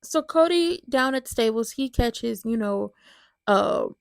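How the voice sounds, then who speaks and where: A woman recaps soap episodes in a chatty, animated way and talks straight to her viewers. Her voice sits fairly high and has a gravelly rasp. The sound is close and dry, with no room echo. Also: unhurried. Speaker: soap opera recap host. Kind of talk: casual soap opera recap commentary.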